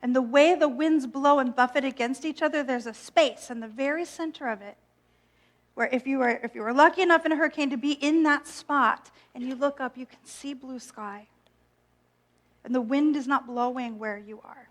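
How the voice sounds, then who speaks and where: Woman minister, high voice, reflective sermon with wry asides. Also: moderate pace. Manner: gentle, reflective, with playful self-mocking asides.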